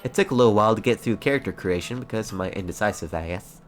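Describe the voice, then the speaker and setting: A man's voice: fairly low pitch, fast, faint music behind. A young man streaming a fantasy online game, chatting playfully and reading quest text aloud. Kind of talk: casual live-stream commentary.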